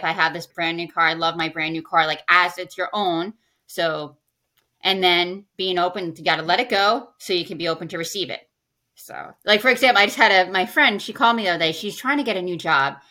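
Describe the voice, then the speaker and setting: Bright-voiced woman telling a lively story. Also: on the low side. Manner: animated storyteller acting out her own past lines. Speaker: podcast guest, financial planner. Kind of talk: storytelling in casual interview.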